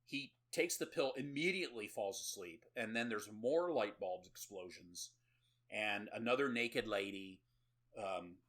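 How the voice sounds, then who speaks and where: Bright-voiced sarcastic podcast host. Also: male voice, on the low side, unhurried. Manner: sarcastic, swearing, laughing asides. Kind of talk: casual movie recap.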